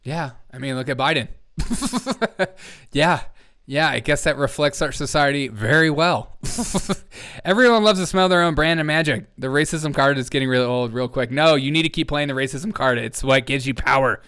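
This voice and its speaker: A man's voice: on the high side, moderate pace, fairly bright tone. A man hosting a live comedy news show, mocking clips with sarcastic commentary, laughing often and talking to his chat.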